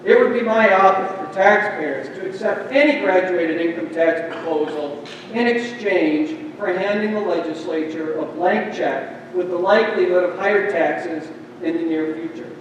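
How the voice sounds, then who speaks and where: A man reading a prepared speech at a town hall meeting with a formal, measured delivery. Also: sits high, slight background noise. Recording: echoey hall, distant mic.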